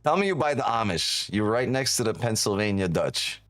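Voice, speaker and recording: A man's voice: on the low side, animated, normal speed, a bit bright, no echo, soft background music. A man hosting a live trading stream, joking and teasing viewers in casual, profane banter. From New York.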